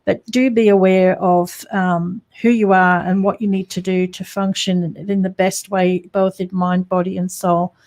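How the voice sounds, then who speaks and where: A woman giving a psychic reading on radio, measured and encouraging, with many hesitations. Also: on the low side, little pitch movement, darkish tone.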